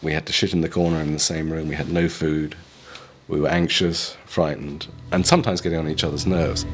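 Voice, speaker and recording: A man's voice: very deep voice, little pitch movement, fairly quick, over music. An English man recalling captivity in an interview, speaking in a hesitant, tentative way. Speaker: former hostage interviewee. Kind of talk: reflective interview recollection.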